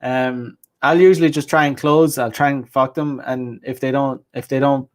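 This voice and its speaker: A man at a medium pitch hosting a casual livestream, reacting to viewer comments. He talks bluntly and rambles, throws in crude slang, and often breaks off to restart a thought. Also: fairly even intonation, normal speed. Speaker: host.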